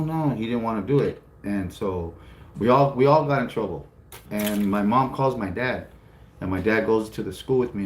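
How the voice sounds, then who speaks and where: A man co-hosting a casual chat, telling a story animatedly, acting out the voices of others and swearing freely. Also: fairly low pitch. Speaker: co-host. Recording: roomy with faint background noise.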